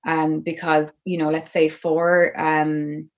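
Irish woman, interview guest, low and chatty, rambles through a story. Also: completely flat delivery, slow. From Ireland. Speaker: guest musician. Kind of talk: casual interview chat.

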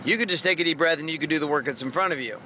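Bright, blunt, profane motivational man. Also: fairly high pitch, rapid-fire, slight background noise. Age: 30s. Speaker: podcast host, coach. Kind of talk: motivational monologue.

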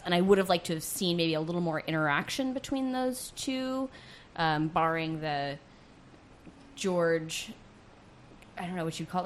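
A woman's voice: lowish voice, a little hiss or hum. A woman in casual conversation, reflecting on a theater production in a thoughtful way. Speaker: theater reviewer.

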